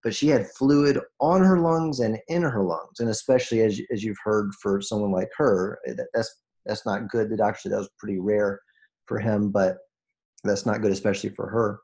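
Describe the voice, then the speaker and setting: A man giving a heartfelt motivational talk on a video call, earnest and emotional, restarting his phrases and rising in pitch when moved. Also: steady tone, moderate pace, a little mellow. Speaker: guest speaker on a group call.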